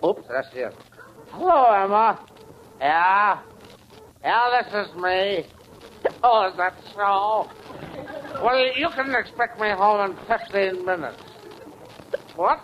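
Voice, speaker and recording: A pushy, muddled fellow who takes over a telephone. He speaks slowly, with a high, lively voice, through a dull old broadcast. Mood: blustering. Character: pushy, scatterbrained man hogging the phone. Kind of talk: 1940s radio comedy acting. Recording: dull, hissy 1940s radio broadcast.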